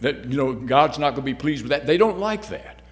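A man giving a sermon, halting and repeating words, his voice swinging between loud and soft. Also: mid-range voice, expressive. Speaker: lay preacher. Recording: long hall reverb.

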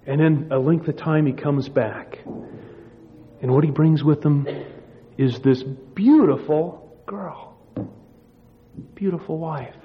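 A man's voice: on the high side, slow, pauses often. Male preacher, muffled lo-fi sound. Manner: storytelling, rambling with restarts. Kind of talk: sermon. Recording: muffled lo-fi sermon recording.

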